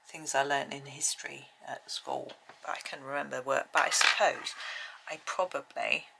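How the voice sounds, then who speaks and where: A middle-aged woman with a low, gravelly voice that still has a bright edge. She rambles softly through a colouring tutorial and often sinks to a near whisper. Faint background hiss sits under the close mic. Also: poor audio. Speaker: colouring video host. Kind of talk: soft-spoken colouring tutorial chat.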